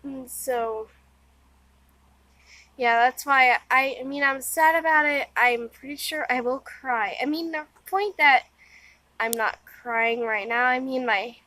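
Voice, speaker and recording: A woman's voice: sits high, slow, pushed and bright, no echo, rough recording. A tired young woman giving a rambling, casual vlog update outdoors in the wind, full of fillers and restarts. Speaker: vlogger.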